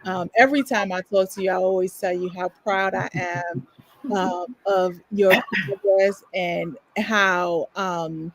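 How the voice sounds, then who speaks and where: A woman hosting an interview, warmly encouraging her guests and cheering them on. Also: fairly low pitch, fairly even intonation, measured pace, dry recording, poor audio. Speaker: host. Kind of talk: casual interview chat.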